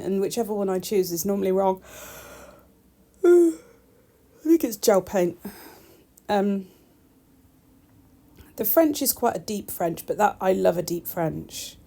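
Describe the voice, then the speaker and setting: A woman's voice: medium pitch, animated, takes it slowly, vocal fry, long pauses, mellow. A woman, a nail technician, chatting casually over her tutorial with wry, self-deprecating asides.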